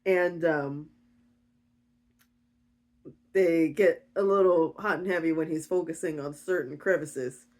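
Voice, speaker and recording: Slow-talking giggly woman. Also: sits low, a little mellow. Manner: giggly, chatty, with frequent fillers. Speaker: book reviewer. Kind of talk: casual book recap.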